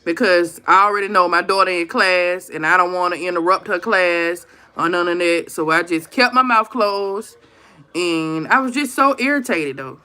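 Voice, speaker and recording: A woman's voice: on the low side, normal speed, clear, resonant tone. A woman in her thirties hosting a live stream, talking casually and animatedly to her viewers about her kids' online classes. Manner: animated storytelling, talks straight to viewers as "y'all".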